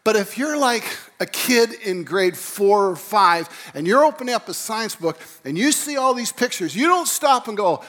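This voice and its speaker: A man with a high voice gives an informal lecture. He talks in a rambling, animated way, circling back with restarts and repeated words as he builds his point. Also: moderate pace. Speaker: speaker on creation and evolution.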